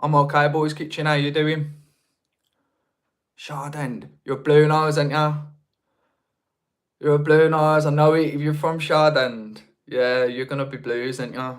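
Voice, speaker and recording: A man's voice: on the high side, flat delivery, measured pace, pauses often. A young man with a Birmingham accent, hosting a casual livestream and chatting with viewers in a rambling way, full of restarts. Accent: Birmingham (Brummie). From Birmingham, England. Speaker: livestream host. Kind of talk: casual live chat reading viewer comments.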